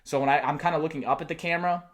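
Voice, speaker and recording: A young man vlogging about college football, talking live and out of breath, excited and rambling. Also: fairly high pitch, rapid-fire. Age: young adult. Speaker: sports vlogger. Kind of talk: live unscripted vlog reaction. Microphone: close mic, camera and laptop.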